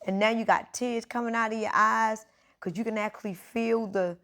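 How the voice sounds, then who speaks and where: A woman talks in a loose, unscripted way. She speaks straight to her listeners with insistent emphasis, in a voice of ordinary middle pitch. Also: fairly even intonation, moderate pace, fairly bright tone. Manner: informal and emphatic, addressing listeners directly. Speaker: spiritual speaker. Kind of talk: casual spiritual monologue.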